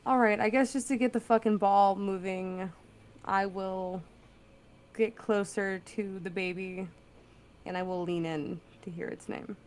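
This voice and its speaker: A woman's voice: medium pitch, fairly even intonation, a little slow, a little mellow, slight background noise. A woman playing a tabletop game, talking casually and bluntly with frequent swearing. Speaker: player.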